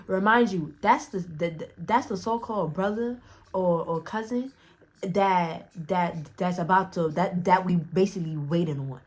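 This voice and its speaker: Speaking at a normal speed in a fairly low voice, a young woman tells a casual storytime as a vlogger. She rambles in slang with frequent restarts and acted-out quotes.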